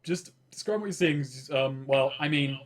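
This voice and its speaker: A man running a tabletop role-playing game as game master, explaining rules and narrating scenes in a casual, relaxed way. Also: a little high, normal speed.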